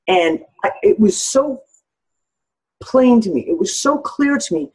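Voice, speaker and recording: A woman's voice: on the high side, expressive, unhurried, darkish tone, slightly rough, rough recording. A woman talking candidly in a casual online group discussion, swearing freely and acting out what others said. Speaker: discussion participant.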